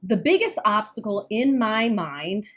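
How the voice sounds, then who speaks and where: A woman talking on a casual podcast, coaching listeners with earnest energy. Her pitch is mid-range, and she breaks into quick nervous laughs. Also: expressive, fairly bright tone. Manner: earnest, laughs when uneasy, quick bursts. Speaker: podcast co-host, weight-loss coach.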